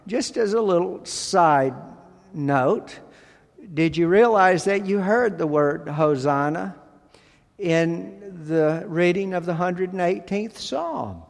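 A man preaching a sermon as pastor, speaking deliberately and with emphasis, pausing between phrases. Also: high voice, vocal fry, long reverb tail.

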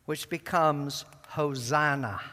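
A man preaching a sermon to his congregation, deliberate and emphatic, repeating key words with long pauses. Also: fairly high pitch, sharp tone. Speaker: pastor. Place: church sanctuary. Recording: long reverb of a large church.

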